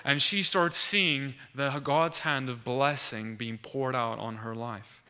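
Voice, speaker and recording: A man telling a faith testimony as animated storytelling, acting out the lines of the people in it. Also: mid-range voice, takes it slowly, clean tone. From South Africa.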